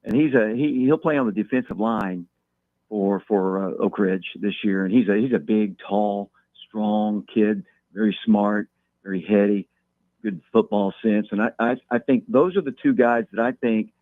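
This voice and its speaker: A man calling in as a guest, talking football in a measured way and repeating words as he thinks. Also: fairly low pitch, dry recording. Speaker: guest talking local high school football. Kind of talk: phone-in interview. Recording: tinny phone line.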